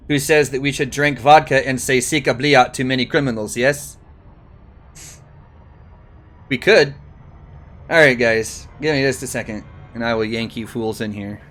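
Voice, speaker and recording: A man's voice: medium pitch, normal speed, fairly bright tone. A man hosting a live gaming stream, chatting, greeting guests, and laughing often. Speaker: streamer host.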